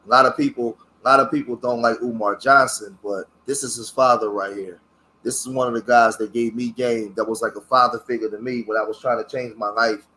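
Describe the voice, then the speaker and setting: Earnest middle-aged man, halting livestream talk. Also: medium pitch, pushed and bright, slight background noise. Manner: halting and searching, many fillers and restarts; earnest, openly emotional about his past. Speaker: community activist hosting his own channel. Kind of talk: casual livestream talk while showing photos.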